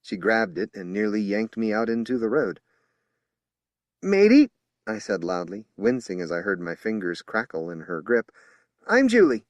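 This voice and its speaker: A man reading a horror novel aloud as an audiobook narrator in measured storytelling. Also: fairly low pitch, steady tone, dry recording. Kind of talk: scripted narration.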